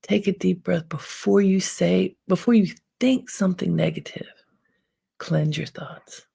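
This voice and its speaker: A woman hosting an inspirational self-help talk, giving calm, unhurried advice with frequent pauses. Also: fairly low pitch, gravelly, slightly rough. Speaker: host.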